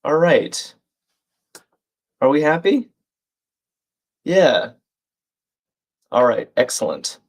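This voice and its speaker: Extremely slow and pausing often, this man's higher voice swings widely in pitch as he hosts a live crossword stream. He thinks through clues out loud, reads viewers' names, and chats with them in friendly asides.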